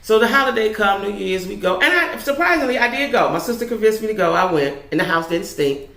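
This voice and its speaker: Woman vlogger, candid and profane storyteller, fry in the voice, echoey room. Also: mid-range voice, expressive, fast, fairly bright tone. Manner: blunt, profane, tags lines with "right?". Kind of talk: storytime vlog. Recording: roomy echo.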